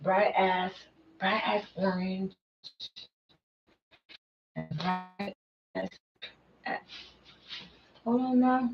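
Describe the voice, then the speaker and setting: A woman talking casually in an excited vlog, exclaiming and trailing off into murmurs. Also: medium pitch, drawn-out words, long pauses, muffled recording. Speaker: vlogger.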